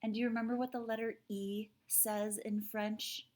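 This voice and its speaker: A woman giving a recorded French lesson at an ordinary middle pitch. She talks straight to her students, keeps checking in with "okay?", and slows right down to draw out each sound she models. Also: darkish tone. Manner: says sounds out slowly to model them. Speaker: French teacher.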